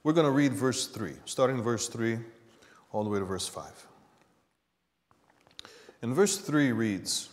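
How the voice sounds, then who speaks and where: A man's voice: medium pitch, animated, slow pace, pauses often. A man preaching a sermon as pastor, calling out to the congregation for an amen. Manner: preaching with call-and-response "Amen?". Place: church sanctuary. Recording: long hall reverb.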